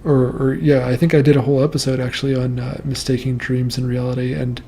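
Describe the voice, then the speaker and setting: A man hosting a show, reading nightmare posts aloud and calmly explaining what they might mean. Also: medium pitch, gravelly, a little hiss or hum. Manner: calm, measured, reassuring explanations. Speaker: host reading and interpreting nightmares. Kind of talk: casual commentary on listener dream posts.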